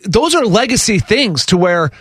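A man's voice: sits high, slightly rough, no room sound, clean studio sound. A man co-hosting a sports radio show, ranting casually and emphatically. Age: adult with young children. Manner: animated, emphatic, quick rants.

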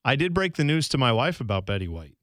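A man's voice: mid-range voice, fast, dry recording, clean studio sound. A man co-hosting a sports radio show, chatting casually and telling stories with little impressions. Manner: lively, animated storytelling with impressions. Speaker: radio co-host.

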